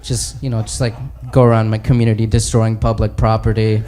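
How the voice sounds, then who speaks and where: A man voicing a dim, hulking male superhero, mumbling and halting in a low voice. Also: level tone, background noise, natural voice. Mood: sheepish.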